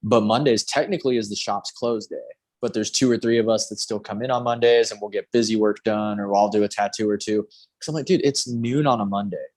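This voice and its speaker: A man's voice: fairly low pitch, steady tone, brisk, darkish tone. A man hosting a casual talk show, a tattoo artist speaking candidly and swearing freely, acting out what people said to him. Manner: candid, swears freely, acts out quoted remarks. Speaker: podcast host, tattoo artist. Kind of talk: casual chat.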